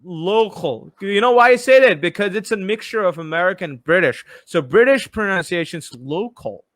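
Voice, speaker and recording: Brief: young Bengali-speaking male host, casual chat, profane, lively, high voice, dry close sound. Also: a little fast, no room sound. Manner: animated, profane, mixes in imitated voices.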